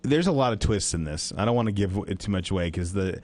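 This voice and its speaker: A man co-hosting a radio movie show in casual chat, animated and fond of acting out lines from films. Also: low-pitched, quick pace. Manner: animated, acts out movie lines in bursts of raised voice.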